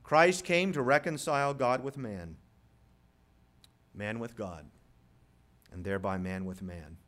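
A man preaching a sermon as pastor, moving from quiet storytelling to loud, rising appeals. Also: lowish voice, unhurried.

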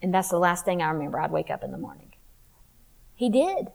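A woman telling her faith testimony in a candid, animated way, acting out what people said. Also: fairly low pitch, a little fast, vocal fry, low-quality recording. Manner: candid, animated, acts out quotes. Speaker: speaker sharing testimony.

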